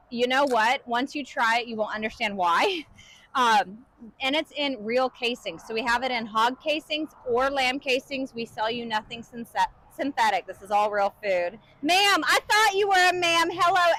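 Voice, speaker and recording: A high-pitched woman keeps a cheerful, chatty flow as she co-hosts a live cooking stream. She talks casually to viewers and reads their comments aloud. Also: fairly bright tone, rough recording. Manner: chatty, upbeat, often laughing and reading viewer comments.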